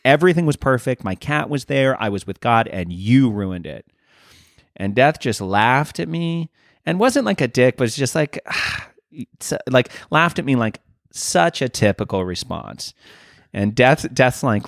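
A man, a podcast guest, telling a story in a casual, animated and earnest way, swearing now and then. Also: medium pitch, moderate pace, no room sound, studio quality.

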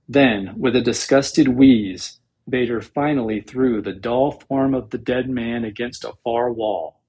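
Reading a novel for an audiobook, this man narrates with measured drama, his husky mid-range voice a little mellow.

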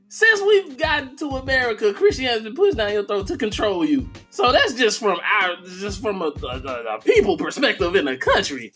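A man's voice: high voice, sing-song, fairly quick, hardly any pauses, sharp tone, faint music behind. A man ranting about gaming fans in a heated, profane, casual style. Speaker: gaming commentator. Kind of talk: casual rant to camera.

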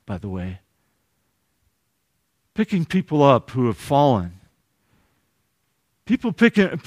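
High-voiced, earnest male preacher. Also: no room sound, studio quality. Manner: earnest, swings from lively to hushed and tender. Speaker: pastor. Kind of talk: sermon.

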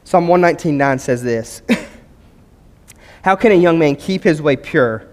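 Male pastor, fairly high voice, conversational sermon, humorous stories, church sanctuary, long hall reverb. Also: expressive, takes it slowly.

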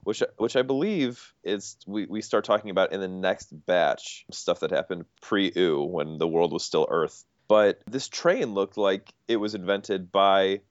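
A man with a deep voice retelling cartoon plots on a casual podcast. The sound is dull and dry, with no room around it. He talks his way through each episode in detail. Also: unhurried, few pauses, no echo. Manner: recaps episodes in detail, animated. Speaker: podcast host.

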